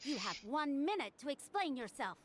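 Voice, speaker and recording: A woman's voice: high voice, very animated, moderate pace, slight background noise. A stern, worried woman doctor. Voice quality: exasperated, lecturing. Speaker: doctor and logistics handler. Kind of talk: voiced video game cutscene.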